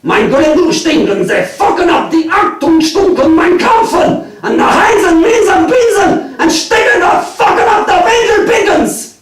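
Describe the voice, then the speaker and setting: A man putting on a ranting figure who shouts fake German gibberish in a mock German accent. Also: very high-pitched, animated, measured pace, few pauses, voice pushed up. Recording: echoey live room, mic at a distance, faint noise.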